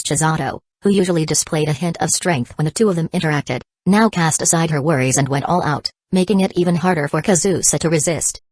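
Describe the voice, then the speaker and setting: Low-voiced woman narrating an audiobook. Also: a little mellow, dry recording. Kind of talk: scripted narration.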